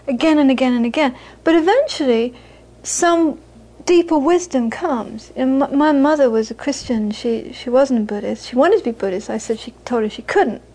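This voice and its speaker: A woman's voice: high-pitched, normal speed, hardly any pauses, mellow, low-quality recording. A woman Buddhist teacher giving an informal, conversational dharma talk to an audience, repeating phrases for emphasis and often laughing.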